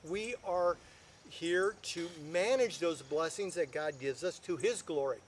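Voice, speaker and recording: A man, a guest financial advisor, telling stories in a casual video chat and building up to loud punchlines. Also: a little high, unhurried, a little hiss or hum.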